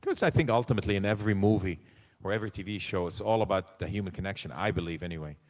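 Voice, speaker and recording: A man, a guest actor, answering audience questions on a convention panel in a casual, animated way, with frequent restarts and laughs. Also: sits low, rapid-fire, in a large hall. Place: large convention hall.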